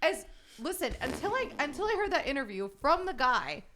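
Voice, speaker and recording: A woman co-hosting a podcast, talking fast and in disbelief about a movie, with frequent swearing. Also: high voice, big pitch swings, noisy background. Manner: fast, incredulous, swearing, sings mock songs. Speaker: podcast co-host. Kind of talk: casual chat.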